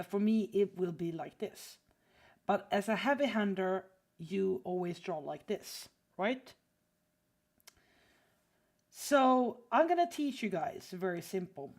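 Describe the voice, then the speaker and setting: A woman's voice: on the low side, a little mellow. A woman teaching drawing on a casual livestream, chatty and full of fillers, often apologizing while she reads chat. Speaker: art streamer teaching drawing.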